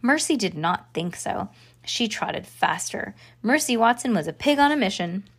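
A woman reads a children's chapter book aloud in an expressive, playful way. Her pitch sits in the middle. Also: normal speed, breathy edge. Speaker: storyteller.

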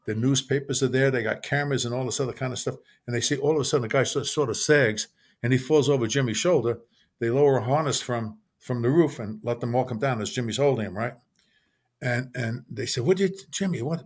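Older man spinning neighborhood stories. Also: mid-range voice. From Brooklyn, New York. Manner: animated anecdote teller, acts out quoted voices, frequent restarts. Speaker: author guest. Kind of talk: casual storytelling interview.

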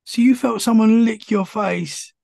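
A man's voice: sits high, unhurried, creaky, a little mellow, no room sound, studio quality. A man hosting a podcast interview, reacting with short, astonished remarks. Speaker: podcast host. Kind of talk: casual interview chat.

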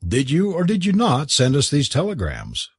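A husky-voiced man reading aloud, voicing a teasing, mischievous young woman. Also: a little high, huge pitch swings, normal speed, no room sound, clean studio sound, pitched above the performer's own voice, full character voice. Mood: playful. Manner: teasing, playful.

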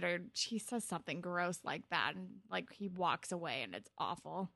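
A woman's voice: lowish voice, expressive, moderate pace, creaky, hardly any pauses, fairly bright tone, no room sound, clean studio sound. A woman co-hosting a casual podcast, walking through TV scenes and quoting the characters with bursts of emphasis. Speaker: podcast co-host. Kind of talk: casual chat recapping a TV episode.

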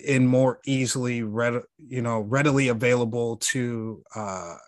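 Co-host, man, halting stutter, teasing tone, middle pitch, dry close recording. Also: steady tone, no room sound. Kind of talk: casual chat.

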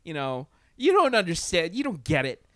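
A man in casual podcast chat, talking in a profane, animated way, with many fillers and restarts. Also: a little high, moderate pace, no echo, clean studio sound. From Latin America.

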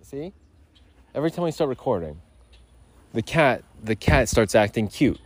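A man's voice: mid-range voice, big pitch swings, normal speed, dry recording. A man hosting a podcast outdoors, rambling in loose, profane, digressive casual chat. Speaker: podcast host. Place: outdoors on a rural lot.

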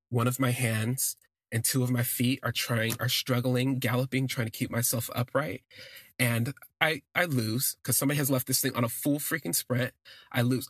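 A man telling a personal story in an expressive, self-deprecating way, drifting into asides. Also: medium pitch, slightly rough, dry recording, studio quality. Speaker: podcast storyteller.

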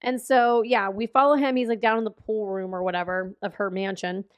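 A woman's voice: mid-range voice, steady tone, brisk, smooth, dry recording. A woman co-hosting a podcast, chatting casually and laughing as she recaps a movie and acts out characters' lines. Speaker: podcast co-host.

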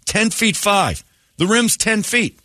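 Lively joking radio host. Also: male voice, high-pitched, slow, no echo, clean studio sound. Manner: loose, joking, rambling. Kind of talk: casual morning radio banter.

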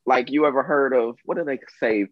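A man's voice: mid-range voice, a little fast, dry recording, highs cut off. A man co-hosting a casual chat, telling stories with acted-out quotes, swearing freely and laughing often. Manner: storytelling, acts out quotes, profane, laughs a lot.

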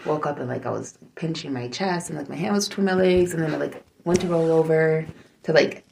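A woman's voice: sits low, a little fast, vocal fry, darkish tone, slight background noise. A woman co-hosting a podcast in casual chat, filling her talk with "like" and "you know" and laughing easily.

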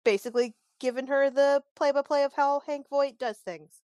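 A woman's voice: high-pitched, normal speed. Chatty woman recapping a show. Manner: chatty and animated, acts out quoted lines, openly annoyed. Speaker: podcast co-host recapping a TV episode. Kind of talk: casual chat.

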